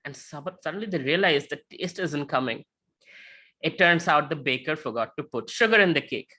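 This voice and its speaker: A man giving a lecture with slides, talking conversationally and often checking in with a quick "right?". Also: on the high side, animated, sharp tone. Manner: tells illustrative stories.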